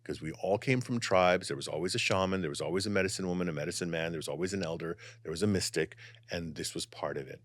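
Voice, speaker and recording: A man who is a psychic and channeler, talking in an animated, expressive way and easing into calm guided meditation. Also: low voice, fast, no echo. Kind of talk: casual conversation and guided meditation.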